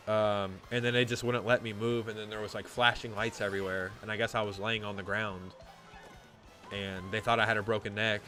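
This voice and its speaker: A man's voice: on the low side, level tone, a little fast, bright, forceful tone, soft background music. A gaming YouTuber, a man, telling a story in casual, rambling chat, swearing often and saying "like" a lot. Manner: rambling, profane, lots of "like".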